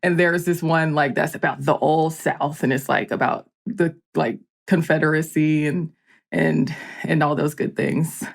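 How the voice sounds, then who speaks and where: A woman from Georgia chats as a guest on a podcast, her voice sitting a little low. She talks loosely, stringing thoughts together with "like" after "like.". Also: flat delivery, unhurried, vocal fry. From Georgia, USA. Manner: chatty, filler-heavy with frequent "like". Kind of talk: casual podcast chat.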